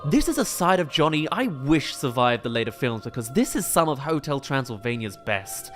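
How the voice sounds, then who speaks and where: A man's voice: mid-range voice, sing-song, moderate pace, fairly bright tone, soft background music. Enthusiastic male film reviewer. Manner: enthusiastic, detailed and analytical. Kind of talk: film analysis commentary.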